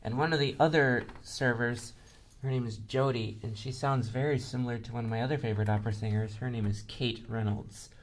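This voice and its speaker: A man's voice: mid-range voice, fairly even intonation, brisk. Young guy rambling into his camera on campus, keeps correcting himself, faint hiss behind. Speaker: vlogger. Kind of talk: casual rambling monologue. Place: college campus, indoors.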